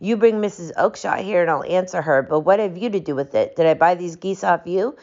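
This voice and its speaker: A woman reading an audiobook voices an angry market salesman who barks his words quickly and loudly. His blustering comes over a dull, lo-fi audiobook recording. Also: fairly low pitch, close to an everyday voice. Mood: furious. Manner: shouting and brusque.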